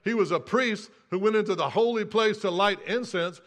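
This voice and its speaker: Male pastor, high and bright, preaching earnestly with some restarts. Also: moderate pace. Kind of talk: sermon.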